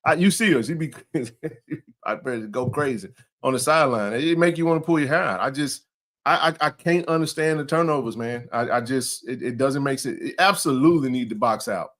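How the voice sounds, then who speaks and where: A man, co-hosting a casual sports talk show, animated and full of restarts and slang. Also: medium pitch, brisk. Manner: animated, repeats and restarts, colloquial. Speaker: co-host.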